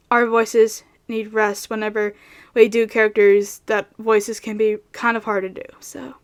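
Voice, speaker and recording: Smooth and a little high, this young adult woman's voice comes from a casual vlog where she, a voice actor, rambles through answers with lots of filler words. She records in her bedroom on a studio microphone fitted with a pop filter.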